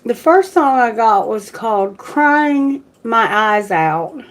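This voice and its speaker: A woman tarot reader talking casually to her live-stream viewers, unhurried and with fillers. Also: fairly high pitch, animated, poor audio. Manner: slow, unhurried talk with fillers.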